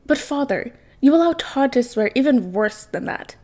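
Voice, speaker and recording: A woman's voice: sits high, animated, normal speed, a little mellow. A woman reading the lines of a proud young boy who speaks in a formal, haughty way in a storybook reading.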